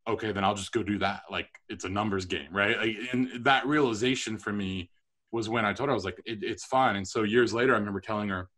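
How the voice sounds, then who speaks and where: A middle-aged man telling stories about his career as a podcast guest, chatty and animated with self-deprecating humor. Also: on the low side, fast. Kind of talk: storytelling interview.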